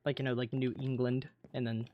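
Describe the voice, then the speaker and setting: A man's voice: mid-range voice, level tone, fairly quick, dull audio. A man chatting casually on a live stream, rambling and swearing between narrating a game roleplay.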